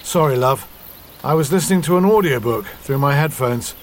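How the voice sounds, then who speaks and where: An actor gives a weary farmer husband a slightly raised pitch and a dry, matter-of-fact delivery. He stays level and unflappable throughout this radio soap parody. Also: animated, fairly quick, a little hiss or hum, lightly acted.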